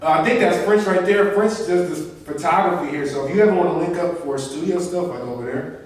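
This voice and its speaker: A man's voice: on the high side, fairly quick. A young man in his twenties doing a profane stand-up comedy set, telling stories and acting out his friends' voices. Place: small indoor venue. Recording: echoey room picked up from a distance.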